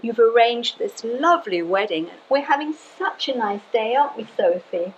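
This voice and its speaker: An amateur actress playing the bride's nervous, chatty aunt. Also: female voice, fairly high pitch, animated, normal speed, muffled recording, slight background noise, lightly acted. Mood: flustered. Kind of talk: amateur stage acting.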